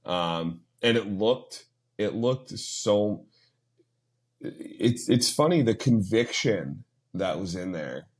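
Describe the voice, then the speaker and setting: A man co-hosting a podcast, chatting casually and rambling through animated retellings with quoted asides. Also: lowish voice, slow, slightly rough. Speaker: podcast co-host. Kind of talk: casual chat.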